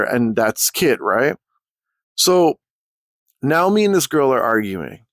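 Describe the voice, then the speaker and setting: A young man hosting a casual storytelling vlog, talking in an animated, profane, rambling way. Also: medium pitch, no echo, clean studio sound. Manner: animated, profane, rambling, jumps into quoted voices. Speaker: channel host.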